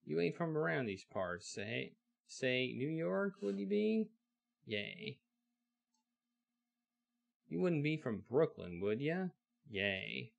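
A man voicing a busy, gruff old blacksmith from the frontier days of a video game, with an old-timey western drawl and homespun sayings. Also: medium pitch, big pitch swings, slow pace, long pauses, heavily acted.

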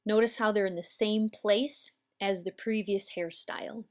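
A woman calmly explaining hair braiding steps as an instructor, patient and methodical. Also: mid-range voice, moderate pace. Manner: calm, patient, step-by-step explaining. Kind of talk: instructional demonstration.

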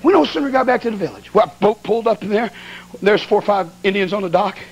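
Excitable folksy preacher, high-pitched and gravelly. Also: male voice, quick pace, a little hiss or hum, low-quality recording. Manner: folksy, animated storyteller with sound effects. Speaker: evangelist preacher. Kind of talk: storytelling sermon.

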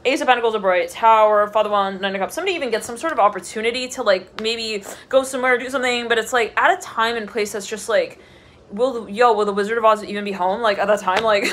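A woman's voice: fairly high pitch, fast, a bit bright, a little hiss or hum. A woman giving a casual tarot reading, chatty and rambling, laughing often and filling her talk with loose asides. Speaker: tarot reader.

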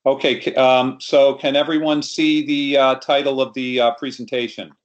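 A man's voice: medium pitch, flat delivery, moderate pace, highs cut off. A middle-aged man from New York, a storyteller, giving an anecdotal presentation on a video call.

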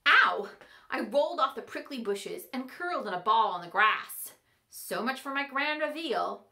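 Expressive woman reading a story aloud. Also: a little high, moderate pace. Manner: expressive, playful.

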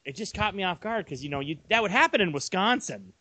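A young man co-hosting a casual sports podcast, telling long rambling stories with animated energy. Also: high voice, quick pace, breathy edge. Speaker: podcast co-host.

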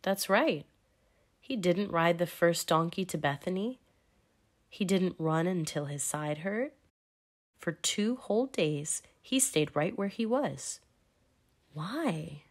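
Woman, children's story read-aloud, low voice, expressive, emphatic. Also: takes it slowly, long pauses.

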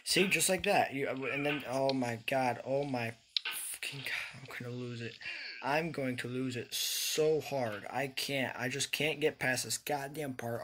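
A man's voice: mid-range voice, a bit bright, a little hiss or hum. A young man giving frustrated, swearing let's-play commentary from his room, ranting and exasperated. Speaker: gaming YouTuber.

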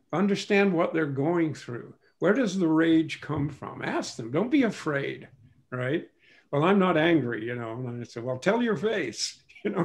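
A man's voice: fairly high pitch, vocal fry, darkish tone. A man from England, a business leader on a panel, giving advice in a conversational way, often saying "you know".

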